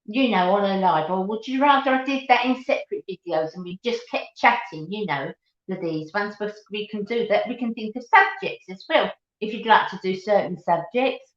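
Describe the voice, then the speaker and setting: A woman's voice: mid-range voice, normal speed. A woman from the East End of London with a Cockney accent, hosting a casual live-stream chat and calling her viewers sweetheart and darling. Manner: chatty, affectionate, calls viewers sweetheart and darling. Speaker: beauty channel host. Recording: roomy, dull lo-fi home stream.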